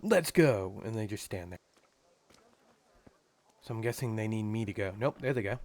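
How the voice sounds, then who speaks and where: A man's voice: lowish voice, normal speed, darkish tone. A man streaming a medieval game, thinking aloud and making wry asides about what happens on screen. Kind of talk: casual let's-play commentary.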